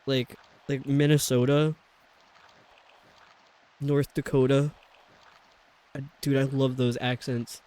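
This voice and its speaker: A man's voice: medium pitch, smooth. A man streaming a video game, chatting casually and rambling with lots of fillers. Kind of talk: casual chat while playing a video game.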